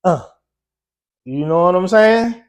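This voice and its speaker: A man with a high-pitched speaking voice recounts a story as a guest on an interview show. His delivery is loose and conversational, with frequent "you know" and "um" as he talks. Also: lively intonation, slow. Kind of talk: casual storytelling.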